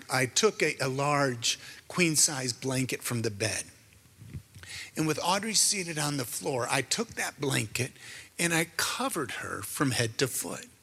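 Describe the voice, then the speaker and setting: A man's voice: on the high side, creaky, pushed and bright, slightly rough. Earnest man preaching in a reverberant hall. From Canada. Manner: earnest, emotional storytelling. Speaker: minister. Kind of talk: sermon with personal testimony.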